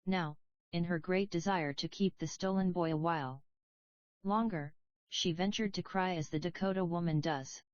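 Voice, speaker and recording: A woman narrating a children's legend in a calm, measured storybook reading, recorded with a dull lo-fi sound. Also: fairly low pitch, dry recording. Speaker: audiobook narrator.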